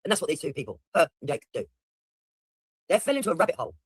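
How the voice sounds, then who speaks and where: A man's voice: fairly high pitch, very animated, fast talker. A man giving blunt, mocking, profane commentary while reacting to a video.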